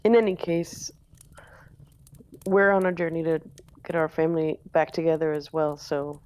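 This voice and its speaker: A woman's voice: deep voice, a little mellow. A woman tabletop player speaking in character, casual and offhand. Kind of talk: in-character role-play.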